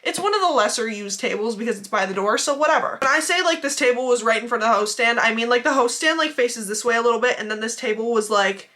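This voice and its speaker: Chatty, bright-voiced young woman. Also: a little high, expressive, quick pace, hardly any pauses. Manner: chatty, rambling, heavy use of "like". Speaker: YouTuber. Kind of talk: casual storytime vlog.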